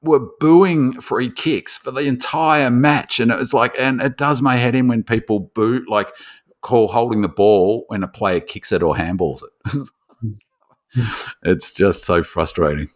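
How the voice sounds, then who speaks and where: A man with an Australian accent co-hosting a casual sports podcast, rambling with many restarts and growing animated as he tells stories. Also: medium pitch, a little slow. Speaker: podcast co-host. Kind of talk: casual chat.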